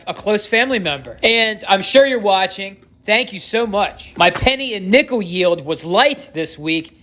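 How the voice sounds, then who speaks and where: A man's voice: sits high, bright, forceful tone. A man hosting a casual unboxing vlog, joking dryly at his own expense. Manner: dry self-mocking humor. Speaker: host of a stacking channel.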